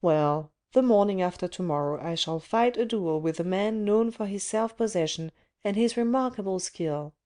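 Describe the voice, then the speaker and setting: A woman's voice: medium pitch, normal speed, few pauses, darkish tone, close to an everyday voice. A woman reader voicing a proud, bitter young man brooding on his fate, in audiobook narration. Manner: inward, bitter musing.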